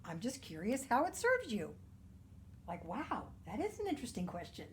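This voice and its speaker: A woman minister giving a gentle, earnest spiritual talk, sometimes dropping to a soft near-whisper. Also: a little high, huge pitch swings, normal speed, a little hiss or hum.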